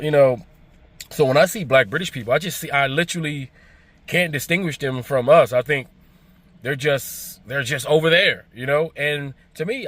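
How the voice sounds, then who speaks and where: A man's voice: mid-range voice, fairly bright tone, no room sound. A man with an African American accent, hosting his own channel and giving his opinion in a loose, emphatic, conversational way with frequent restarts. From United States. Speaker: host. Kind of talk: casual commentary to camera.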